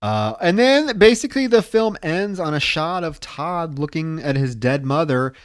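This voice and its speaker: A man's voice: big pitch swings, moderate pace, no echo, studio quality. A man co-hosting a podcast, recapping a film scene by scene and swearing freely. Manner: acts out scenes in high screaming voices, swears freely. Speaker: podcast co-host. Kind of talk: casual film discussion.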